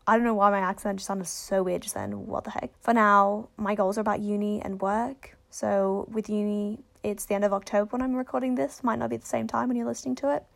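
A woman's voice: mid-range voice, gravelly. A young woman hosting a podcast, chatting in a frank, rambling way. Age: young adult. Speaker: podcast host. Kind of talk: casual chat.

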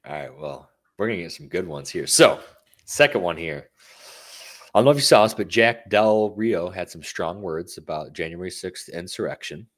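A man runs a casual talk show, putting questions with a dry, wry edge. His voice is low but moves around a lot in pitch. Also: expressive, normal speed. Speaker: podcast host. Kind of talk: casual chat, asking questions.

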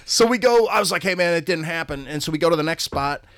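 Animated man telling a story. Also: on the high side, fast, dry recording. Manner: animated, acts out voices of people in his stories. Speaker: guest. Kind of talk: casual storytelling.

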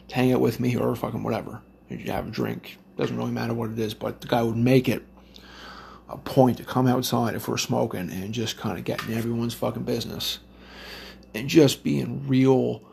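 A man recounts a story in a loose, profanity-laden ramble, circling back and restarting his sentences. His voice sits at an everyday pitch but carries a deep, crackly fry throughout. A faint hiss of noise sits under the recording. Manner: heavy swearing, rambling with restarts. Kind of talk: casual storytelling.

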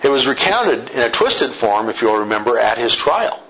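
A man's voice: medium pitch, sing-song, normal speed, bright, forceful tone, lo-fi sound. A man teaching through a Bible passage verse by verse, in a conversational way, with asides and self-corrections.

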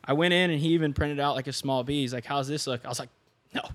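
An online fitness coach in his youth, guesting on a podcast, spins a story in casual chat at a quick pace. His voice is a little high, and he stays animated, laughing often and acting out the people he quotes.

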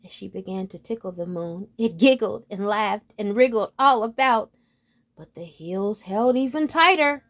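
A woman reading a storybook aloud in a gentle, soothing storyteller manner. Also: medium pitch, normal speed.

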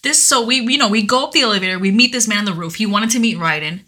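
A woman co-hosting a casual podcast, retelling a story in an animated way with lots of fillers. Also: mid-range voice, fast talker. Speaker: podcast co-host. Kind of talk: casual chat.

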